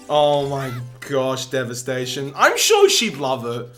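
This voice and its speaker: A man's voice: mid-range voice, wildly swooping pitch, unhurried, hardly any pauses, a bit bright, faint music behind. An Australian man, a speedrun streamer, chatting casually and rambling as he answers his live chat.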